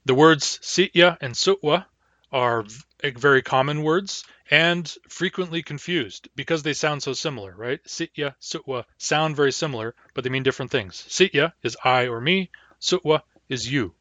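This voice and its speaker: A man's voice: fairly high pitch, moderate pace, pushed and bright, no room sound. A man teaching a language, giving a pronunciation lecture and saying each example word twice as a model. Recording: dull, lo-fi dry recording.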